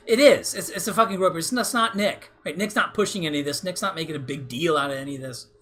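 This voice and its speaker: Talking fast with a sharp, expressive delivery, a man with a fairly high voice runs a casual livestream. He rants repetitively and loosely, ending points with "right?" and swearing often.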